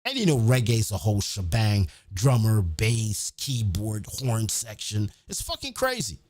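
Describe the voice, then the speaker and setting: A man hosting a podcast, telling stories in a casual, profane, animated way. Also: on the low side, unhurried, no room sound, clean studio sound. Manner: profane, animated, acts out quotes. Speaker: podcast host. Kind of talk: casual storytelling.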